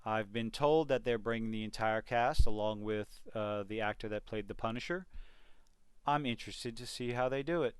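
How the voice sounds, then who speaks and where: A man's voice: fairly low pitch, normal speed, smooth, no room sound. A man giving an exasperated, sarcastic rant in a video review of a TV series. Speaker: TV review vlogger.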